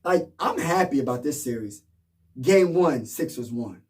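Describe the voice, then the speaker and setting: A man gives hyped, slangy fan commentary and keeps hammering the same points. His voice sits fairly high and is picked up from a little away from the mic. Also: animated, measured pace, a little mellow, distant mic. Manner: repetitive, rallying, slangy. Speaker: sports fan vlogger.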